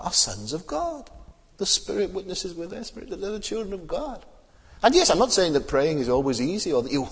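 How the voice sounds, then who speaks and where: A man's voice: fairly high pitch, a bit bright, husky, in a large hall. A man preaching a sermon in a conversational way, often asking rhetorical questions and repeating words as he goes.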